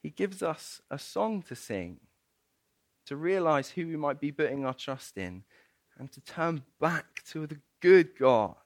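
A man preaching a sermon and telling a story in an animated, playful way, often laughing. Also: fairly high pitch, measured pace, no room sound.

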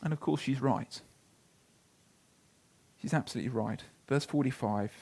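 A pastor preaching a sermon, telling stories earnestly and slowing down to read scripture. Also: male voice, medium pitch, vocal fry, darkish tone, slightly rough.

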